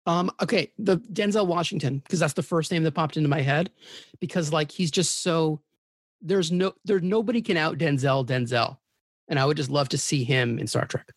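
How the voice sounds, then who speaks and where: A man talks as a guest in a casual podcast chat, with a slightly high voice. He rambles eagerly and corrects himself mid-sentence. The recording is dry and close. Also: normal speed, slightly rough, no echo.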